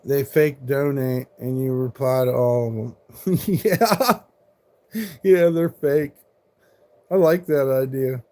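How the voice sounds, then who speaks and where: A man's voice: medium pitch, fairly even intonation, slow, dark tone. A man in his forties, live streaming and arguing with trolls in chat, combative and full of profanity. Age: 40s.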